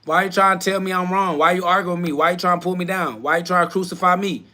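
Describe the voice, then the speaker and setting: Guy ranting on his live podcast, high pitched, talks back to critics, crude slang. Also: steady tone, fast, bright, forceful tone. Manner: preachy, confrontational, repeats short slogans; voice cracks up into high shrieks when heated. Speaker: podcast host. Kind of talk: live self-talk religious monologue.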